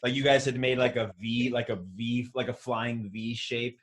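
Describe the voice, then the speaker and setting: A man's voice: mid-range voice, level tone, moderate pace. Laid-back man recalling joining a band. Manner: laid-back, swears in passing. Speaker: band member. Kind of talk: casual podcast chat.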